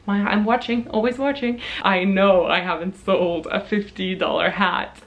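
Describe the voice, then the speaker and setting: A woman in her twenties from Norway, telling a storytime vlog in a chatty, animated way with frequent laughs and swearing. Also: mid-range voice, moderate pace, muffled recording. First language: Norwegian. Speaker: vlogger.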